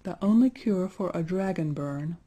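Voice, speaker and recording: A fond, sentimental old nurse from a storybook, put on by a woman reading aloud. She speaks in a gentle, homely way with a low, dark, husky voice. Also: moderate pace.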